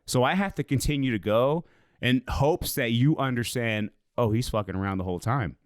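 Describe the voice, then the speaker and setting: A man's voice: medium pitch, moderate pace, no room sound, clean studio sound. A man co-hosting a podcast, telling a story in a loose, rambling way and swearing freely. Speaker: podcast co-host. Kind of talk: casual storytelling chat.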